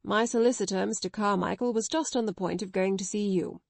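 A woman reading an audiobook, voicing a firm, restrained gentleman who holds his temper in check. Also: medium pitch, fairly quick, creaky, dry recording, natural voice. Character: hot-tempered gentleman guardian, kind but firm.

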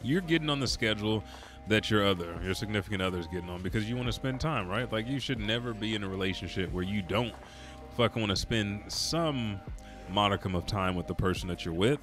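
A man's voice: on the low side, expressive, fairly quick, a bit bright, faint music behind. Tired, profane, rambling young man. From Oklahoma, US. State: tired from staying up all night. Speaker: gaming streamer. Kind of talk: casual storytelling while playing.

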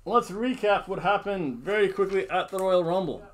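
A man's voice: sits high, normal speed. Rambling man chatting about wrestling picks. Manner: rambling, offhand, with frequent self-corrections. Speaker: podcast host. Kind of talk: casual wrestling predictions chat.

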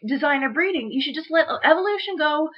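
Casting: high-pitched woman, blunt swearing vlogger, dull lo-fi webcam sound. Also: expressive, quick pace. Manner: blunt and profane, ranting. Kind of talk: casual rant vlog.

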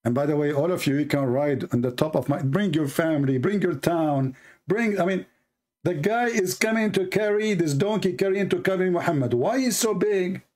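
A man's voice: normal speed, darkish tone. Sarcastic man. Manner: sarcastic, reads text aloud and mocks it with sudden high-pitched jabs. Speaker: debate host. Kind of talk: mocking religious debate commentary.

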